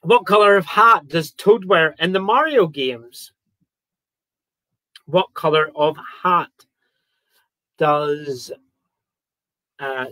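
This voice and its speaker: Chatty man hosting a live quiz, fairly high voice, close dry mic, banters with viewers. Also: bright, forceful tone, no room sound. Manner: chatty, reads out viewer comments and jokes around. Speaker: quiz host. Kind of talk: live-streamed quiz chat.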